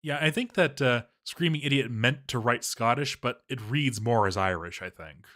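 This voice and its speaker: A man's voice: medium pitch, normal speed, pushed and bright. A man hosting a live reading of community posts, offhand and self-deprecating.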